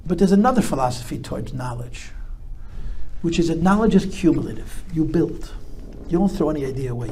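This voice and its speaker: A rabbi gives a talk to a live audience, answering their questions in a fairly high, mellow voice with lively intonation at a slightly fast pace. He's reflective with emphatic bursts, and there's slight background noise.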